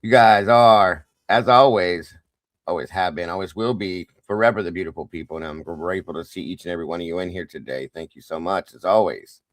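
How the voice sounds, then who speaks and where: A man's voice: sits low, brisk, no room sound, clean studio sound. A man hosting a casual livestream, greeting viewers one by one by name with playful sing-song asides. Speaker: livestream host.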